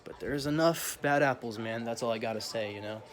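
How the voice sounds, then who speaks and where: A man's voice: mid-range voice, fairly quick, a little hiss or hum. A young man vlogging a casual, profane rant full of slang, often laughing as he talks.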